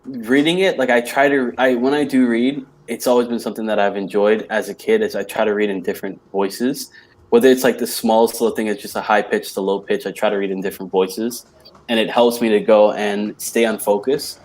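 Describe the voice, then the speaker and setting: A man's voice: lowish voice, steady tone, a little fast, darkish tone. A man as a podcast guest in casual chat, talking with many "like" fillers and laughing easily.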